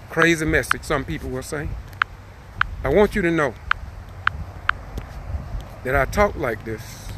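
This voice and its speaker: A man preaching an impassioned message, repeating phrases and swelling into shouted cries. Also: fairly high pitch, noisy background. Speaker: street preacher.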